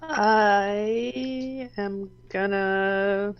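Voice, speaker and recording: A woman's voice: medium pitch, fairly even intonation, drawn-out words, clear, resonant tone. A woman playing a tabletop game, cheerfully explaining her character's rules. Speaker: player. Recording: dull lo-fi audio.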